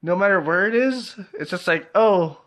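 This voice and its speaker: A man's voice: sits high, lively intonation, brisk, fairly bright tone. A young man casually reviewing a TV episode, laughing often, swearing freely and filling his talk with "like" and "uh".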